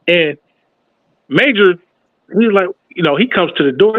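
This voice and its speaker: A man with a high voice tells a story in a lively way and plays the other people's voices. The sound is tinny and dry, like a phone line. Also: normal speed, dry recording. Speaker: podcast host. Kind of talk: casual storytelling.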